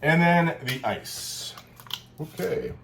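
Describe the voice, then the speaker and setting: This man's voice is fairly high and gravelly, with a slow, sing-song delivery and background noise around it. As co-host of a cocktail video, he demonstrates a drink at home while chatting casually, rambling, joking and self-correcting.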